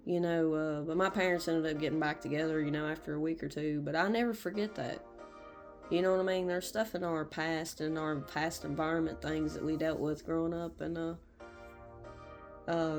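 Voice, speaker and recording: A woman with a Southern American accent, rambling candidly in a casual personal vlog from her room. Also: low-pitched. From Southern United States. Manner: rambling and candid, many fillers. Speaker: vlogger. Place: small bedroom at home.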